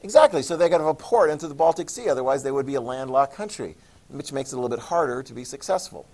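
Animated male teacher lecturing a class. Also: mid-range voice, fast. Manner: animated, acts out countries in jokey voices; asks the class questions. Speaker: history teacher.

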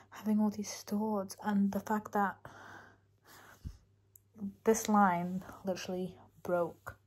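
Chatty young woman with a mellow voice. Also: mid-range voice, slightly rough. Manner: excited, chatty, laughs, drops to hushed tones. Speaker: book vlogger. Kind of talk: casual reading vlog.

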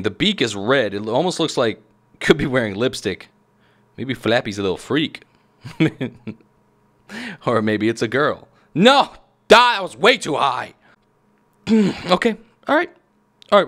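Excitable man yelling at a game. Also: medium pitch, measured pace, pauses often. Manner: excitable, yells at the game, chuckles. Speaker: gaming channel host. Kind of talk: gameplay commentary.

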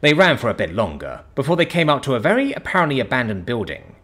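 Husky, animated male storyteller. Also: medium pitch, quick pace, faint music behind. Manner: dramatic, expressive storytelling. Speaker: story narrator. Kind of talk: scripted narration.

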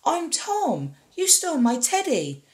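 A brave little boy , put on by a woman reading a storybook, raised above her usual voice and lively. He talks firmly, comforting one moment and bossy the next. There is a roomy echo around him. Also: sits high, slow pace, voice pushed up, exaggerated voice. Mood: firm, kind. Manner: firm and comforting.

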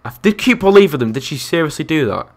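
Very animated and fast, this young man's voice runs on the high side as he chats through a live game stream. He counts aloud and reacts to both viewers and other players.

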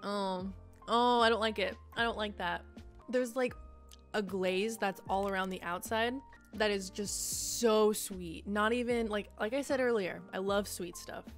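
A woman's voice: mid-range voice, steady tone, measured pace, soft background music. A young woman streamer chatting casually and joking as she taste-tests snacks, often giggling. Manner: bubbly, jokey, giggly. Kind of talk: casual taste-test chat.

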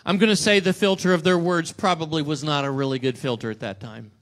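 A man's voice: on the high side, fairly even intonation, fast, a bit bright. A male pastor giving a conversational sermon to a congregation in church, often checking in with a rhetorical "right?". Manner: conversational, asks rhetorical "right?" and acts out quotes.

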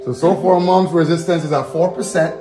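A man's voice: on the high side, steady tone, a little fast, over music. A man in his thirties, a father cheering his family on in a playful home vlog. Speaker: father and vlogger. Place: home gym.

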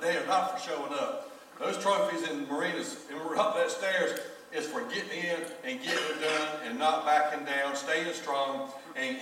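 Preacher guy spinning a story from the pulpit, bit high voice, long church reverb. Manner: animated storyteller acting out quoted voices. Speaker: pastor. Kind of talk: storytelling sermon. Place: church sanctuary. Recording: echoey church hall from far off.

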